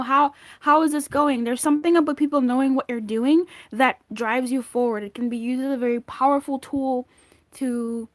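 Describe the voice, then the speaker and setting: A woman's voice: a little high, a little mellow, no room sound. Chatty rambling woman tarot reader. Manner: chatty, rambling, with frequent tangents and restarts. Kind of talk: casual monthly tarot guidance vlog.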